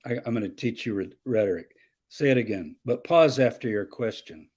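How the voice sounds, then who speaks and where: Animated man lecturing like a professor. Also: mid-range voice, brisk, slightly rough. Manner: animated, explanatory lecturing with quoted voices. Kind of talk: teaching interview on scripture.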